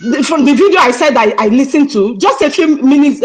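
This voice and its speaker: A woman with a Nigerian accent, middle-aged, rants angrily on a livestream. Her voice sits high and she scolds in repeated bursts. She talks to her audience directly. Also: animated, brisk, hardly any pauses, rough recording. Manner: angry, scolding, repetitive. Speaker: online activist speaker. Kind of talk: heated livestream rant.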